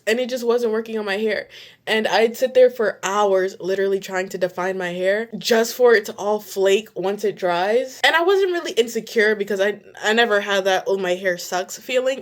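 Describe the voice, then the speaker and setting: A young woman talking casually through a hair tutorial at home, chatty and narrating each step. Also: mid-range voice. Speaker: vlogger.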